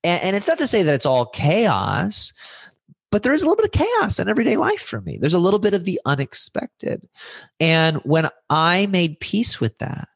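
A middle-aged man talking as a podcast guest, telling personal stories in an animated way, jumping up in pitch when excited and acting out other people's lines. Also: moderate pace, gravelly, breathy edge, no room sound, studio quality. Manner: acts out other voices in his stories. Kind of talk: reflective storytelling conversation.

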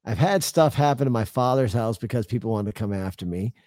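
A man's voice: mid-range voice, brisk, a little mellow, no echo, clean studio sound. A middle-aged man, co-hosting a casual podcast chat, rambling loosely with swearing. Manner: loose, rambling storytelling with frequent laughs and swearing. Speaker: podcast co-host.

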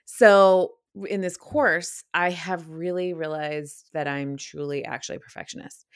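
A woman's voice: on the low side, dry recording, studio quality. A young adult woman hosting a casual solo podcast, a little out of breath, chatty and candid, laughing often and swearing casually. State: slightly out of breath. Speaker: podcast host.

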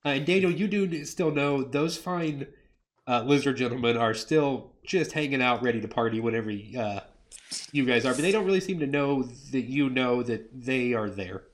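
Man, game master, mid-pitched voice, dry offhand delivery, casual podcast. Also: lively intonation, moderate pace. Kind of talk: running a tabletop game podcast.

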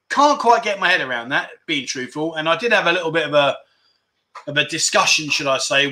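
Chatty enthusiastic man, bright voice. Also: a little high. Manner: chatty, enthusiastic, repeats words for emphasis. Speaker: livestream host. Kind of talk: casual livestream chat reading viewer comments.

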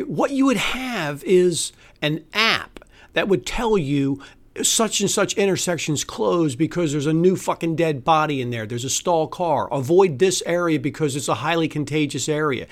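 A podcast host delivering an angry, profane, sarcastic solo rant. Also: mid-range voice. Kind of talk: solo ranting monologue.

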